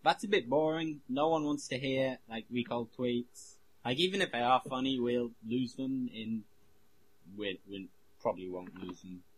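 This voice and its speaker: A man's voice: mid-range voice, husky, rough recording. A man co-hosting a podcast in casual chat, rambling and cutting himself off, swearing freely. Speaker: podcast co-host.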